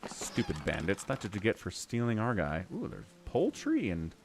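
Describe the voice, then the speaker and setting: A man's voice: lowish voice, wildly swooping pitch, moderate pace, a little mellow, a little hiss or hum. A man streaming a role-playing game, chatting casually and reading the game text aloud. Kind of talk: casual gameplay commentary.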